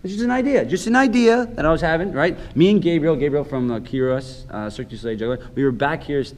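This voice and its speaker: A male stage performer recounts his experiences in a relaxed interview, talking at a quick clip. He is animated and often acts out scenes and other people's lines as he goes. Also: a little high, low-quality recording. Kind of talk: casual storytelling interview.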